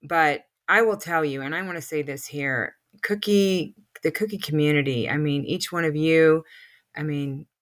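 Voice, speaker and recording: A woman's voice: sits low, normal speed. A woman in her sixties co-hosting a podcast in casual chat, rambling and emotional with many fillers, with a slight lisp from a new retainer. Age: 60s. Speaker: podcast co-host.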